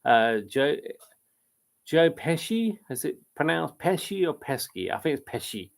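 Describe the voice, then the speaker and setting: Rambling chatty man, gravelly voice. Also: a little high, very animated, unhurried. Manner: rambling, self-interrupting, laughs often. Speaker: live quiz host reading chat comments. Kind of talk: casual live-stream chat.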